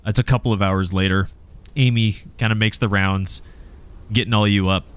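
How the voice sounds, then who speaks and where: A man narrating as game master of a tabletop role-playing game, halting and restarting often. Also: fairly low pitch, steady tone, a bit bright, clear, resonant tone.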